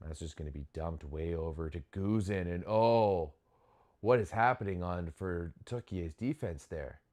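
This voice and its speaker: A young man hosting a volleyball watch-along, giving casual live commentary with sudden excited exclamations and frequent restarts. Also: deep voice, moderate pace.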